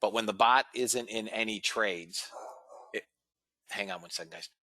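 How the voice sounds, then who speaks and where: A man's voice: lowish voice, moderate pace, pushed and bright, dry recording. A man hosting a live trading room, talking casually to viewers and reading out trade numbers. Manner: casual, talks to viewers as guys and fellas, reads out numbers.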